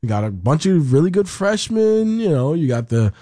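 A man with a fairly high voice co-hosts a sports talk show in casual, joking banter. He drifts into quick, rambling asides. The studio sound is dry and close, with no room around it. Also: very animated, mellow, no room sound. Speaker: sports radio co-host. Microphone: studio microphone.

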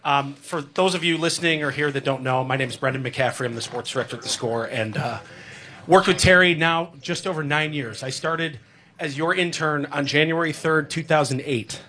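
A man's voice: fairly high pitch, normal speed, pushed and bright. A man in his thirties, a radio sports director, giving a rambling, heartfelt farewell tribute on air with many fillers.

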